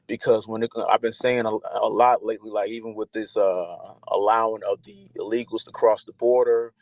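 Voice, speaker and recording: A male caller with a low voice speaks hesitantly and fills the gaps with many ums and uhs. The sound is dry and close. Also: darkish tone, dry recording. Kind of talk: call-in conversation.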